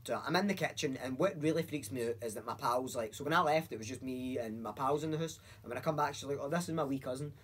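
A young man with a Glasgow accent tells a story at a quick clip, his pitch sitting mid-range. He talks in an animated way, acts out the other voices and swears freely. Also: breathy edge. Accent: Scottish, Glasgow. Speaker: podcast guest. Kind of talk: casual storytelling.

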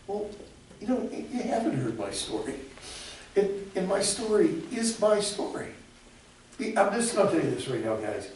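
A man's voice: on the high side, normal speed. Guy teaching a ministry class, voice jumps all over, sounds far off in a really echoey room, bit of hiss. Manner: animated, emphatic, talks directly to students. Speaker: ministry lecturer. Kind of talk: classroom lecture.

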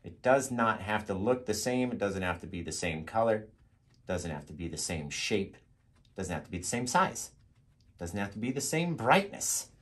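A man teaching a live painting tutorial, chatty and encouraging, who keeps retaking his intro in a loud, upbeat radio-style voice. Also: fairly low pitch, big pitch swings, normal speed. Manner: chatty, encouraging, repeats phrases. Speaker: painting instructor.

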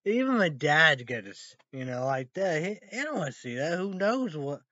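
High-voiced guy rambling slow and swearing on a stream, dull lo-fi sound. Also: big pitch swings, no room sound. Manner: rambling and profane, swinging from low mumbles to loud outbursts. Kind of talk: rambling live stream talk.

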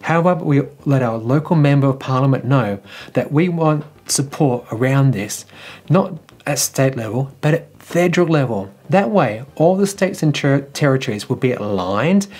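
Husky Australian man, wry news chat. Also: medium pitch, animated, normal speed, darkish tone. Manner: chatty, wry, talks to viewers directly. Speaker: tech news YouTuber. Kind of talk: casual news commentary.

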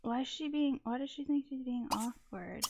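Young woman chatting through a game, high voice, kinda noisy recording, gets all worked up. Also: normal speed, vocal fry. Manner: excitable, urging her characters on. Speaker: let's play host. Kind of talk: casual gameplay commentary. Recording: noticeable background noise.

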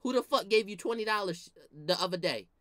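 A young man telling animated, profane comedic stories in a slangy, casual rant to his viewers. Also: high voice, brisk, no room sound, studio quality. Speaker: vlogger.

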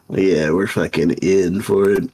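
A man's voice: low voice, warm tone, slight background noise, low-quality recording. A tired man chatting on a stream watch-along, swearing a lot and laughing along with his friend. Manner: swearing, drawn-out laughing banter. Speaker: streaming guest watching a show. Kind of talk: casual watch-along chat.

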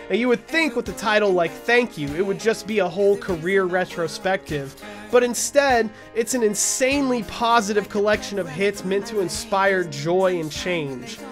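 A man's voice: sits high, a bit bright. A man hosting a weekly music review show, reading scripted album verdicts in a wry, blunt way.

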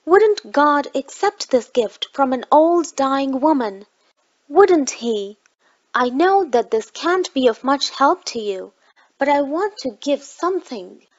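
A woman's voice: high-pitched, very animated, takes it slowly, highs cut off, exaggerated voice. A woman voicing a poor, very old woman who pleads in a trembling voice. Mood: tearful.

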